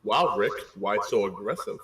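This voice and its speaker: A man's voice: lowish voice, expressive, normal speed, bright, forceful tone. A man playing in a tabletop game, talking in a blunt, teasing way. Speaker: player. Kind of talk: casual chat during a tabletop game. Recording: echoey room.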